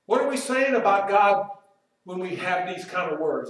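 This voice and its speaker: Echoey, high-voiced man preaching a sermon. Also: lively intonation. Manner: emphatic, rises loud when quoting Job, drops quiet and slow to reflect. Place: church sanctuary. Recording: very echoey room, voice from far off.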